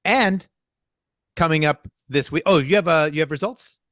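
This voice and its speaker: A man co-hosting a casual podcast, reading race results in a playful, excitable way and tripping over names. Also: a little high, moderate pace, no room sound, studio quality. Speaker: podcast co-host.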